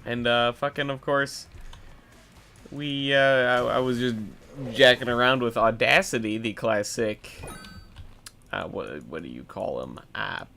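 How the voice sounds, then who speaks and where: A man's voice: mid-range voice, unhurried, creaky, pushed and bright, a little hiss or hum. A young man giving casual, rambling gameplay commentary, swearing often and joking at his own expense. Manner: rambling, self-deprecating, swears a lot. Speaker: let's play commentator.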